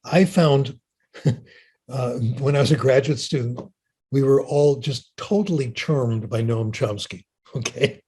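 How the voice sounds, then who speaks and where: A man's voice: medium pitch, a little slow, darkish tone, slightly rough. An older man giving a lecture and answering audience questions, chatty and storytelling, often asking "okay?". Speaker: linguist giving a talk.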